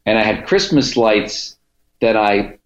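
A man's voice: on the low side, expressive, slow. A man from Cleveland, a podcaster and comedian, telling rambling stories with lots of restarts in a casual interview. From Cleveland, United States. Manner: rambling, restarting, laid-back storytelling. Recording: dull, echoey room sound.

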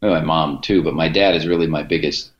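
A man's voice: very deep voice, fairly even intonation, a little fast. A man from Cleveland, a podcaster and comedian, telling rambling stories with lots of restarts in a casual interview. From Cleveland, United States. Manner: rambling, restarting, laid-back storytelling. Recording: dull, echoey room sound.

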